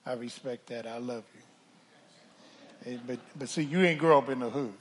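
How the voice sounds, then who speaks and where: An older man preaching a sermon from the pulpit, calling for a witness and swinging from hushed asides to shouts. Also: mid-range voice, normal speed. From Philadelphia. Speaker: pastor. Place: church sanctuary. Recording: church hall reverb.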